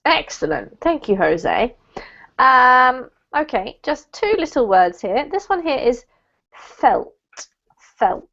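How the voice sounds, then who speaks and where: A woman teaching an online English class in a slightly high voice, warm with praise and quick to correct word stress. She talks over a video call, and the audio comes through muffled. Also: big pitch swings. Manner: encouraging, corrects pronunciation.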